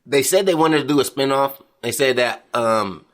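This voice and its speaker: A man in casual podcast talk, measured and thoughtful, with plenty of "um"s and "like"s as he works out his view. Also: mid-range voice. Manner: measured, thinks aloud with many fillers. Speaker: podcast co-host.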